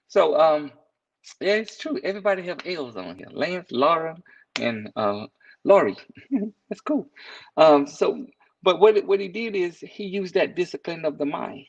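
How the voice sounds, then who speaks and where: A man's voice: on the high side, creaky, husky, lo-fi sound. A man hosting a live stream, giving a casual inspirational talk, reading out viewers' comments and chuckling as he thanks them by name.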